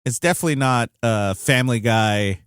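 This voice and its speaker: Here a US podcast co-host talks a little fast in a fairly bright, clear, resonant mid-range voice, captured at studio quality without echo. The chat is casual and rambling, heavy on hedging and sprinkled with swearing.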